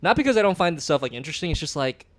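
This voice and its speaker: A man's voice: fairly high pitch, big pitch swings, very fast, slight background noise. A man co-hosting a casual podcast, joking and laughing a lot as he talks. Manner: laughs often, jokey and self-mocking. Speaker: podcast co-host. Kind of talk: casual chat.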